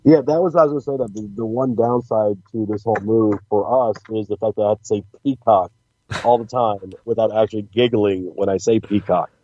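A man's voice: on the low side, fairly even intonation, a little fast, mellow, no echo, muffled recording. A man co-hosting a wrestling podcast, chatting casually with jokes, restarts and giggles. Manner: joking, rambling with restarts and giggles. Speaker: podcast co-host.

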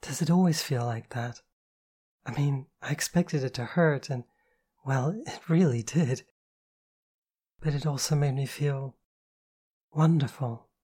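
Woman narrator voicing a shy young woman, tearful, soft, breathy, hesitant, a touch higher. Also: a little slow, long pauses, full character voice.

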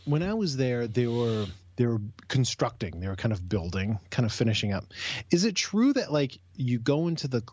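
Husky animated male podcast co-host. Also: medium pitch, normal speed, no room sound, lo-fi sound. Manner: animated, jokey, trails off mid-sentence. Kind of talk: casual chat.

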